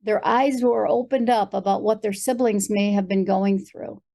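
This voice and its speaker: An American woman speaks as a podcast guest with an animated storytelling manner, leaning on fillers as she goes. Her voice has a gravelly, creaky texture. Her pitch sits in a middle range for a woman. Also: normal speed. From United States. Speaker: guest, performer. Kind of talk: conversational interview.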